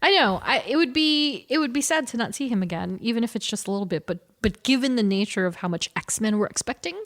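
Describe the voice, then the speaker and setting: Lively, higher-voiced woman co-hosting a podcast. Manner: animated storyteller, quick self-corrections. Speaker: podcast co-host. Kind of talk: casual chat.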